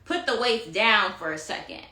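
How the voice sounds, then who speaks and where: A woman's voice: medium pitch, animated, normal speed, pushed and bright, roomy sound. A woman giving a tarot reading on a phone live stream, sassy and profane, preaching self-love and calling her listeners honey. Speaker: tarot reader. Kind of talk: Instagram live astrology rant.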